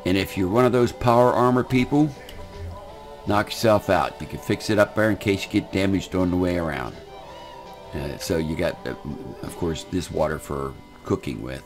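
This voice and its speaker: Folksy older man with a low voice. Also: moderate pace, faint music behind. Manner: folksy, rambling, repeats words. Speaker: gaming channel host. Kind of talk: casual game commentary.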